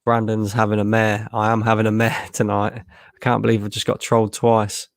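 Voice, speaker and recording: Gravelly, low-voiced streamer guy. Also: monotone, normal speed, dry recording, clean studio sound. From Lincolnshire, England. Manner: casual, sweary, laughs a lot, reads chat aloud. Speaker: football watchalong streamer. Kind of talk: live stream reaction, reading chat.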